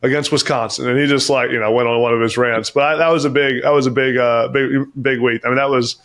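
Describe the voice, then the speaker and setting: A man's voice: mid-range voice, steady tone, fast talker, fairly bright tone. A man in his thirties, a podcast guest, telling stories casually and restarting his sentences often. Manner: rambling storyteller, restarts and repeats phrases. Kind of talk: casual chat.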